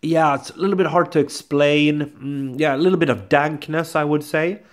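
A man's voice: fairly high pitch, moderate pace. Man chatting through a beer tasting. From Sweden. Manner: chatty, addresses viewers as guys, repeats "I would say". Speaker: beer reviewer, channel host. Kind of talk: casual tasting review vlog.

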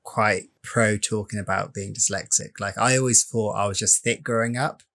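Lower-voiced man chatting easily. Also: fairly even intonation, normal speed, creaky, a bit bright. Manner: agreeable, laughs easily, rambling. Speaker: guest whisky reviewer. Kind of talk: casual chat.

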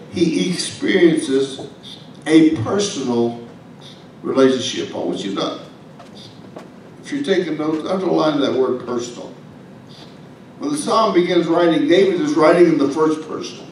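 A man's voice: on the high side, darkish tone, very echoey, far from the mic, a little hiss or hum, rough recording. A man preaching a sermon as pastor, folksy and humorous, with asides to the congregation. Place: church sanctuary.

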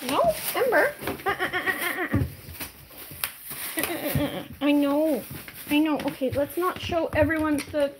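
A woman hosting a casual livestream from home, talking to her puppy in a high sing-song voice as she walks her in and out of the garden. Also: noisy background. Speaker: livestream host. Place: at home, moving indoors and out to the garden.

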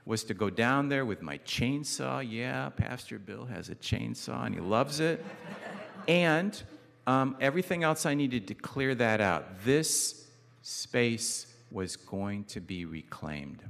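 A man preaching a guest sermon in a church, conversational and lightly humorous, dropping soft and low on key phrases. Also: animated, takes it slowly, vocal fry. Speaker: guest pastor. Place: church sanctuary. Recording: reverberant church hall.

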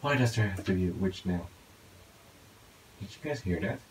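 Gaming channel host, man, very low voice, chatty self-talk commentary, faint hiss behind. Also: normal speed, low-quality recording. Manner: talks to himself, excitable outbursts. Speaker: gaming YouTuber. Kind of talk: casual gameplay commentary.

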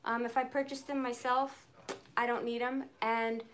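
A middle-aged woman chatting excitedly and frankly on a live phone stream from her home shed. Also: on the high side, normal speed, slight background noise. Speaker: purse vlogger. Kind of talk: casual live-stream chat. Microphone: phone camera.

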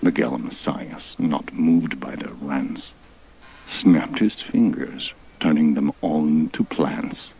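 A man with an extremely deep voice tells a comic rhyming tale. His delivery is theatrical and mock-epic, and he speaks slowly with a husky edge. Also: warm tone. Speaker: storyteller. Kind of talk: rhyming comic story narration.

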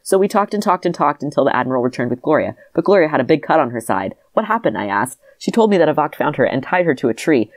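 A woman with an unusually deep voice reads her childhood adventure story aloud in a flat, dry delivery. She keeps breaking into laughter between lines. The sound is close and dry. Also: fast talker, few pauses, dry recording. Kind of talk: comedic read-aloud of old writing.

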